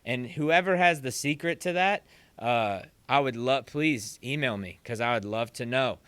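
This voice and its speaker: A young man, a percussion teacher, chatting as a podcast guest and lively acting out what others said. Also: mid-range voice, moderate pace, clean tone, no echo. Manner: animated storyteller who acts out quotes. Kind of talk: casual podcast chat.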